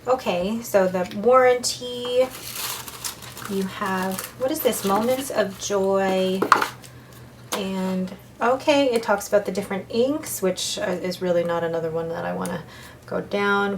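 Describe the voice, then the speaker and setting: Young woman gushing over an unboxing, chatty, excited, bit of faint hiss behind. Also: mid-range voice. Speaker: pen unboxing vlogger. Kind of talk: casual unboxing chat.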